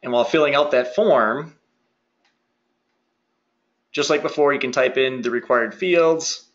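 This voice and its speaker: A man presenting a software webinar, adding upbeat, chatty commentary on new features. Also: medium pitch, a little slow, dull audio. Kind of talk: webinar walkthrough.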